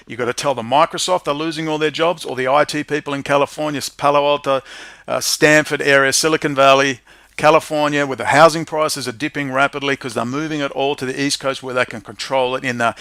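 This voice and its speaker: A man hosting a livestream, ranting profanely to his viewers and swinging between muttering and shouting. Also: mid-range voice, no room sound. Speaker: livestream host.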